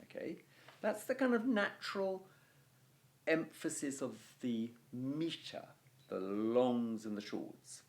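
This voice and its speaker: A middle-aged man with an English accent gives a video lesson on Latin verse. He talks slowly, and his pitch swings widely, like a teacher keeping students engaged. He explains things patiently and sometimes chants out the rhythm of a line. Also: expressive.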